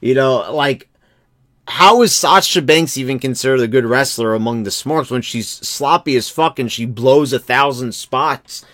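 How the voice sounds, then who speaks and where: A man's voice: mid-range voice, a little slow, fairly bright tone, no room sound, clean studio sound. A man ranting casually about wrestling in a rambling, profane way, full of restarts and fillers. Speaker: wrestling commentary vlogger. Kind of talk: casual opinion rant.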